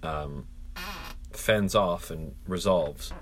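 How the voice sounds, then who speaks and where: A man in casual comedic chat, dry and deadpan, playing along with the joke. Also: extremely low pitch, drawn-out words, a little hiss or hum.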